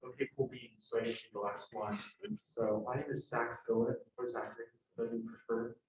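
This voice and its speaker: A young man, a college sophomore, speaking as a student panelist in a quick, earnest and chatty way. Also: medium pitch, little pitch movement. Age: young adult. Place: university event room. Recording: echoey room, dull lo-fi sound.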